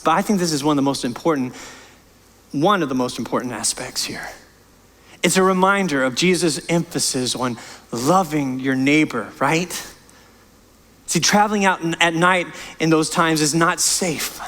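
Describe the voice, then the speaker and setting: A man's voice: a little high, moderate pace, fairly bright tone, in a large hall. A man preaching as pastor, impassioned and emphatic, often repeating and restarting words. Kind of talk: sermon. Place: church sanctuary.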